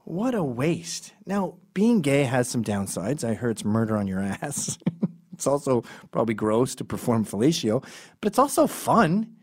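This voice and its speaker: A man with a mid-range voice tells a long comic story at a moderate pace, rambling, swearing, and tossing in deadpan asides. His delivery is loose and conversational, like a storytelling monologue.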